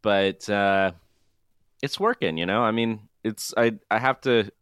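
A man co-hosts a podcast, rambling through casual chat in a laid-back way and laughing often. His voice is low, clean, and fairly bright, and he keeps a measured pace on a dry, clean studio recording.

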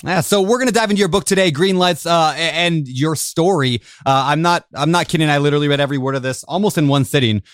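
A man's voice: fairly high pitch, quick pace, few pauses, a bit bright, dry recording, studio quality. A man hosting a podcast interview, talking with enthusiasm and many fillers. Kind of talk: casual interview.

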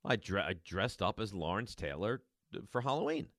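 A man's voice: fairly low pitch, very animated, normal speed, a bit bright, no room sound, studio quality. A man in his forties hosting a call-in sports radio show, talking in an emphatic, teasing way. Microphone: studio microphone.

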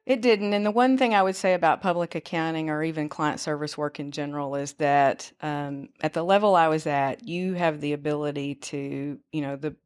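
A woman's voice: sits low, normal speed, hardly any pauses, a little mellow, clean tone. A woman telling her own story as an interview guest, in a conversational way full of fillers. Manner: conversational, frequent "you know" fillers.

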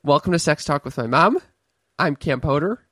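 A man's voice: a little high, expressive, moderate pace, fairly bright tone, no room sound. A young man with a Chicago accent, a stand-up comic co-hosting a casual podcast, joking and self-deprecating.

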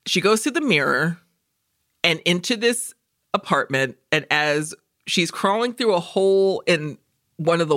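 This podcast co-host has a lowish voice, captured dry and clean in a studio. She retells a movie in casual chat, cursing freely and performing the characters' lines in jokey voices for laughs.

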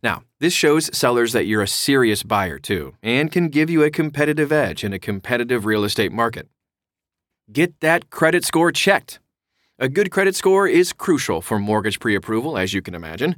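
A man's voice: medium pitch, big pitch swings, moderate pace, fairly bright tone, no room sound, studio quality. Man explaining mortgages step by step. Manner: clear, instructive, with casual asides. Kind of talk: reading an explainer aloud.

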